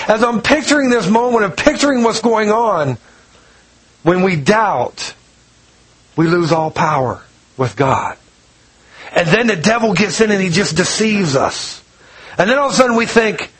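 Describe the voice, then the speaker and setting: Male pastor, high voice, chatty storytelling sermon, chuckles often. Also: a bit bright, slightly rough, rough recording. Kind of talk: casual sermon.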